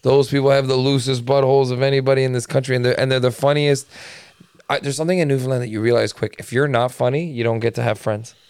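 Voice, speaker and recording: Crude, rambling middle-aged comedian. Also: male voice, medium pitch, little pitch movement, fast, a little mellow, smooth, no echo. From Canada. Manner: crude, rambling, swears a lot. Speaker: comedian and podcast co-host. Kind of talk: casual chat.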